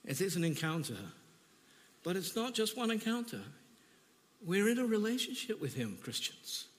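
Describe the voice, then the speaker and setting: A man preaching a sermon, telling his own testimony earnestly and emotionally, with halting repeats. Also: sits high, sing-song, in a large hall.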